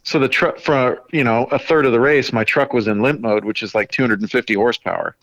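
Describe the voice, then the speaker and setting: Laughing, animated male race driver. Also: medium pitch, no echo, highs cut off. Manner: animated storyteller, quick laughs. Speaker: racing driver guest. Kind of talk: casual podcast interview.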